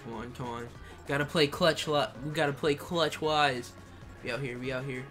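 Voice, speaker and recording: A young man livestreaming a kart racing game, reading chat and shouting during play. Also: mid-range voice, steady tone, normal speed, soft background music. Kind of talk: live gameplay streaming.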